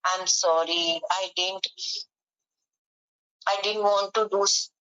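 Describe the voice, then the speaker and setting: A woman playing a remorseful husband, pleading and apologetic, very slow, muffled recording. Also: mid-range voice, fairly even intonation, bright, forceful tone, smooth. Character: remorseful husband grieving his lost wife.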